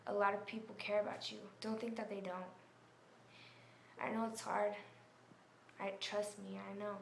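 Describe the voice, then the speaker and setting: A woman's voice: mid-range voice, little pitch movement, normal speed, gravelly. A woman telling a story in a somber, earnest voice, correcting herself now and then. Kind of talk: earnest home-video narration. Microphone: camera mic. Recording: echoey room, faint hum.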